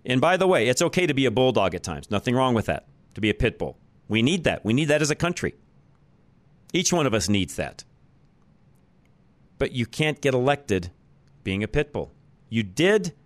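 A man's voice: on the low side, sing-song, moderate pace, long pauses, dry recording. A man hosting a talk radio show, delivering a blunt, opinionated monologue and repeating his points for emphasis. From United States. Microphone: studio microphone.

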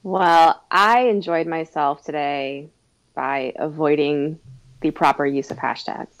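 Woman, podcast co-host, dry, teasing, lowish pitch. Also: steady tone, slow, smooth, poor audio. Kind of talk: casual podcast chat.

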